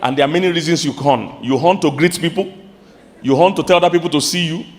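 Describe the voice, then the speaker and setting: High-voiced Nigerian pastor preaching. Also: male voice, fast talker, long reverb tail, slight background noise. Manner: animated preaching with sudden high-pitched outbursts; asks the congregation questions. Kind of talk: sermon.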